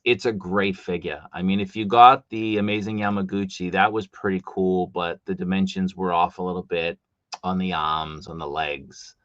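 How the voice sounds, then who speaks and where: A man's voice: low-pitched, fairly bright tone, no echo, lo-fi sound. A man with a Boston accent hosting a casual live stream, rambling through chat comments with plenty of fillers. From Boston, USA.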